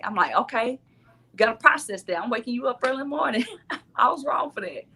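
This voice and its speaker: A woman's voice: fairly high pitch, animated, a little fast, pushed and bright, slight background noise. A woman, a former dating show cast member, telling her story in casual chat and acting out her own quoted lines.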